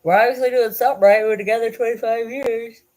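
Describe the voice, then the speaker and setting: A woman's voice: fairly high pitch, steady tone, fast talker, darkish tone. A woman, chatting casually on a live stream, rambling and swearing with frequent laughs. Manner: rambling, swears, laughs often, self-deprecating.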